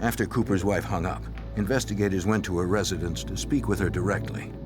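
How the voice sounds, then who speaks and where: Low-voiced male crime documentary narrator. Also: fairly quick. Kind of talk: scripted true-crime narration. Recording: loud music bed under voice-over.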